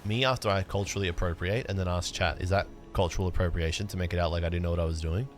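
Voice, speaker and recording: A young male streamer chats casually with his livestream chat while playing a game, joking around and bursting into sudden excitement. His voice is low-pitched and racing, with faint music behind him.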